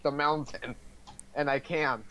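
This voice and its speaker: Slow, hesitant man streaming a game. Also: a little high, fairly even intonation, pushed and bright, low-quality recording. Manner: hesitant, with fillers and laughs. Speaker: streamer host. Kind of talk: casual gaming chat on a livestream.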